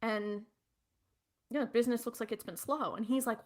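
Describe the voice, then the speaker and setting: A woman's voice: a little high, steady tone, moderate pace, pauses often, a little mellow. A woman podcast co-host, retelling a TV episode in a rambling, casual way with lots of fillers. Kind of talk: casual recap chat.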